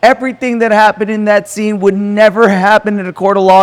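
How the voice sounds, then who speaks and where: This is a man with a somewhat high voice on a casual podcast. He talks in an animated, profane way and laughs often. He comes across as a lawyer at ease with his co-host. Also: fairly quick, clean tone.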